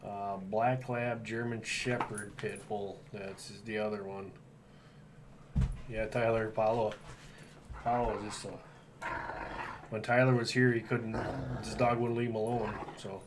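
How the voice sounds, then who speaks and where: Speaking slowly with long pauses, a Wisconsin homestead channel host rambles easygoingly through a casual livestream chat. His voice is fairly low and steady. Faint background noise accompanies a distant mic.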